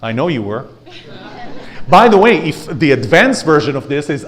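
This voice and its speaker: This leadership lecture comes from a man with a slightly high voice speaking at a moderate pace. He is blunt and animated with the live crowd, asking rhetorical questions and prompting them to repeat lines after him.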